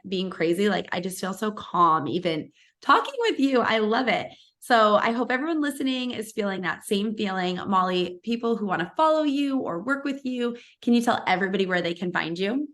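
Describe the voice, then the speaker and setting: A middle-aged woman hosting a podcast, talking in a chatty, effusive way with quick restarts. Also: mid-range voice, expressive, a bit bright. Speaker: podcast host. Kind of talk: casual interview chat.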